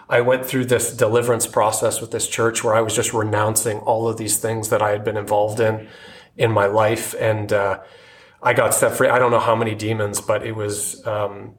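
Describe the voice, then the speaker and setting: Earnest man with a flat, halting voice. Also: lowish voice. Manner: earnest, halting, with many restarts and fillers. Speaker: guest sharing his testimony. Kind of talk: personal faith testimony.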